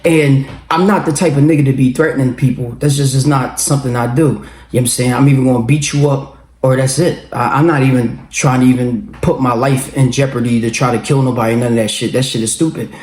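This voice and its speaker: A man telling his own story in a casual, profane, animated way, acting out what people said. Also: medium pitch, fairly quick. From Philadelphia. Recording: roomy echo.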